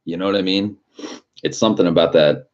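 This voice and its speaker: Man, very deep voice, casual live stream chat, rambling with fillers and swearing, muffled lo-fi audio. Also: brisk, a little mellow. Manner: loose rambling, heavy on filler words and swearing.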